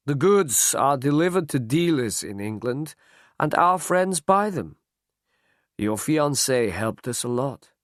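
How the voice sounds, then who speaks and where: A man reading aloud, voicing a cold, arrogant male crime boss who talks slowly and threateningly. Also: mid-range voice, dry recording, studio quality. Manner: slow, threatening.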